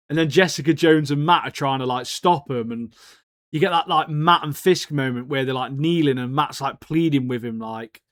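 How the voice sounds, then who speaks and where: A young man co-hosting a podcast, talking in excitable, slangy casual chat and saying "mate" a lot. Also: on the high side, no room sound, studio quality. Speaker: podcast co-host.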